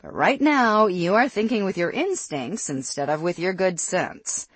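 A narrator voicing a firm, calm Fae warrior woman who speaks with command. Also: lowish voice, unhurried, husky, no room sound, voice pushed up. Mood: stern.

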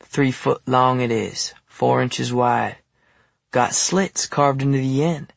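Guy voicing a mean bigoted bully in an audiobook, preachy and taunting, gravelly voice, dry sound. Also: medium pitch, steady tone, takes it slowly, no room sound. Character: menacing bigoted grown man, bullying and boastful. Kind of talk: audiobook character voice.

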